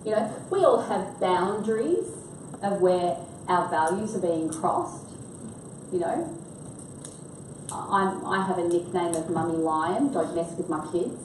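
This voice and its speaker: A woman's voice: fairly low pitch, expressive, takes it slowly, a little hiss or hum. Older woman trainer quizzing her group. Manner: engaging, quizzes the audience. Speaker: workshop trainer. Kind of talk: interactive workshop talk. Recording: echoey room, voice from far off.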